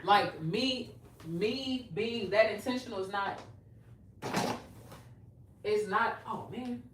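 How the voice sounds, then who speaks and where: A woman's voice: medium pitch, slow, background noise. A woman in her thirties from Texas, hosting a casual livestream and talking earnestly to her viewers. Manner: earnest, talks to viewers as y'all. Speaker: livestream host.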